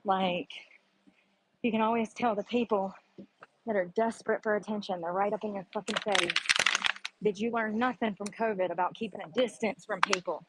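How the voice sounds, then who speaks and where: A woman with a mid-range voice and fairly even intonation vlogs from a public gym at a normal pace, with heavy background noise. Blunt and profane, she talks to her camera in a casual, chatty way, explaining her workout.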